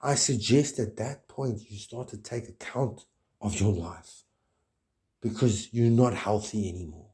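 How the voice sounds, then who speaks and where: Male lead, slow low-voiced rambling preacher type, grandiose, foul-mouthed. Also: mellow. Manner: preachy, grandiose, swears often. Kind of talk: rambling monologue.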